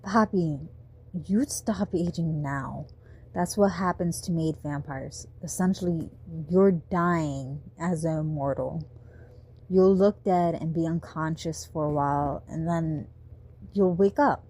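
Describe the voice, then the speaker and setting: A woman reading a soft-spoken, grave teen vampire boy, mellow and low, for an audiobook. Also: breathy edge, heavily acted. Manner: quiet, slow and serious.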